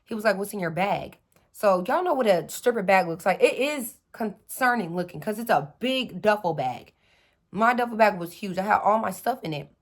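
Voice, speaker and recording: A young woman in her twenties chats straight to her viewers, telling a story in a loose, animated storytime style. She keeps calling them y'all and slips into quick voices for the people in the tale. Her voice sits at an ordinary middle pitch for a woman. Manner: animated, addresses viewers as y'all, acts out dialogue. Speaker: storytime vlogger.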